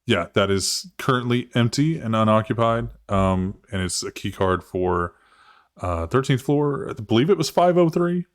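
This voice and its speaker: A man's voice: mid-range voice, expressive, moderate pace. Rambling male game master. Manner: loose, rambling, laughing narration. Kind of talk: live tabletop game narration.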